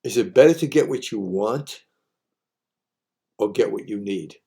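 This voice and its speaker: A man's voice: on the low side, animated, a little slow, creaky, mellow. A man hosting a folksy monologue of homespun advice, repeating each saying for emphasis. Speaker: host sharing sayings.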